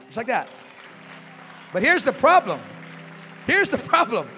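A male pastor preaching a sermon, animated and calling out to his congregation. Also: very high-pitched, a little slow, some chatter behind. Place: church sanctuary. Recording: reverberant church hall, faint music.

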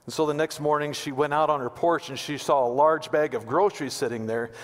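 A man's voice: fairly high pitch, fairly even intonation, brisk. A male pastor preaching a sermon in a conversational, joking way, often repeating words. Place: church sanctuary. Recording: long church reverb.

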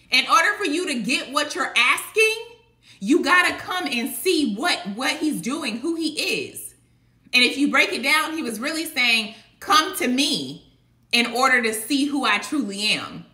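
Woman, colloquial devotional preacher; sharp, bright tone; recorded in a roomy space. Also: on the high side, animated, unhurried. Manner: emphatic, colloquial, rhetorical. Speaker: online preacher. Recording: echoey room.

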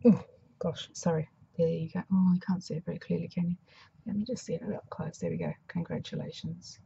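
Brief: Australian woman craft demonstrator, low gravelly voice, slightly hoarse, mumbles softly, dull lo-fi recording. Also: big pitch swings, fairly quick, a little hiss or hum. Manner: soft-spoken, mumbling, thinking aloud. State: hoarse after flu. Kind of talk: casual craft tutorial.

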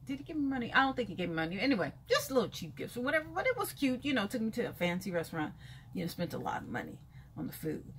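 A woman's voice: medium pitch, a bit bright, a little hiss or hum. A woman giving a frank, emphatic vlog monologue, often repeating phrases for effect. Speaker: vlogger.

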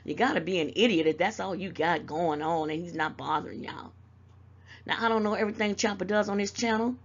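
Talking a little fast at a fairly low pitch, this older Southern US woman gives casual, motherly, scolding advice straight to her YouTube camera, calling people "baby." The high frequencies are cut off.

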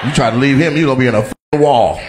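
A man's voice: medium pitch, rapid-fire, noisy background. A male stand-up comedian doing profane crowd work, roasting audience members with brash teasing. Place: comedy venue with a live audience. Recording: live audience laughter and cheering.

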